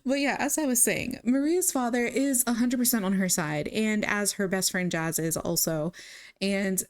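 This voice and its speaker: A young woman narrates her life-sim gameplay in a casual, chatty way. She sounds animated and easygoing, laughing often as she talks to her viewers. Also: mid-range voice, normal speed. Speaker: gaming content creator.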